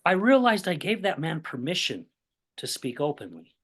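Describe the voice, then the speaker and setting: This Utah man's voice sits on the high side, slightly rough, at a moderate pace. Hosting his podcast, he tells his guest a long personal story in conversational interview style, playing the characters' quoted voices with animation and checking in with "right?" again and again.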